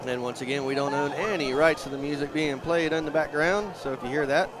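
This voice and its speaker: A man doing folksy play-by-play for a high school football broadcast outdoors, chatty and jumping up on big plays. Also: steady tone, fairly quick. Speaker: play-by-play announcer. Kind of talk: local sports commentary. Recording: outdoor broadcast with clear ambient noise.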